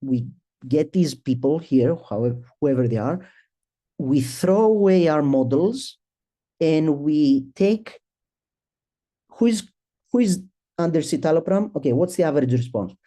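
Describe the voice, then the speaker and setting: A middle-aged man presenting a statistics talk at a symposium, speaking haltingly, restarting sentences and thinking aloud as he works through his slides. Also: fairly high pitch, lively intonation, warm tone. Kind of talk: academic statistics lecture.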